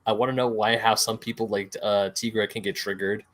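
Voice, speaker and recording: Low-voiced man rambling casually. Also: steady tone, fairly quick, fairly bright tone. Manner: loose, rambling with fillers. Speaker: podcast co-host. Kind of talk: casual podcast chat.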